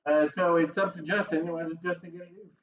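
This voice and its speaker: A man's voice: a little high, fairly even intonation, fast talker, a bit bright. Man running a tabletop game. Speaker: game master. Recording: roomy, dull home recording with faint noise.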